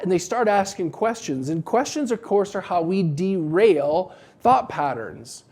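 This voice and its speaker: A man with a mellow, warm voice talks casually to camera, giving business advice with a wry, joking edge. He tells animated little stories to make his point. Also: high-pitched, a little slow, hardly any pauses. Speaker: business coach for dental practices.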